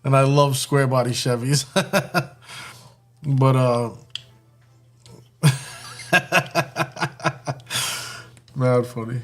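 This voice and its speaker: A man's voice: mid-range voice, drawn-out words, pauses often, a bit bright, soft background music. A man hosting a casual live stream and joking with his chat while building a kit, often breaking into laughter.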